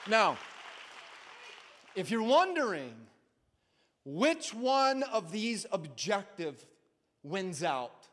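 High-voiced pastor shouting an Easter sermon. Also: male voice. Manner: dramatic preaching, swinging from shouts to hushed lines; calls out to the congregation for response. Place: church service before a congregation.

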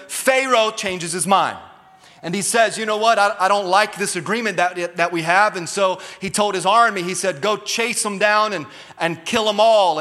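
A male pastor delivers an emphatic sermon, his voice high-pitched and bright. He keeps calling on the congregation to respond. The sound carries a long reverb from a large church auditorium. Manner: emphatic, calls for audience response.

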